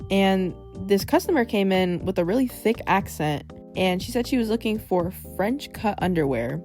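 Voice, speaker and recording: Young woman doing a sarcastic storytime vlog, mid-pitched voice, soft music underneath. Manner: wry and sarcastic. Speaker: vlogger. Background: faint background music.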